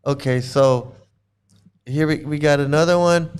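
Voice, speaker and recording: A man's voice: a little high, fairly even intonation, measured pace, darkish tone, clear, resonant tone. A man giving casual reaction commentary on clips, rambling and repeating himself, laughing often.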